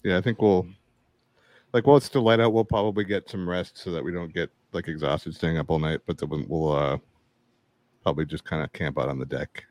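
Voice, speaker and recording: Deep-voiced man playing a tabletop game. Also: steady tone, fairly quick, dry recording. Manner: plans out loud, jokey. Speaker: player. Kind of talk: casual play at a tabletop game.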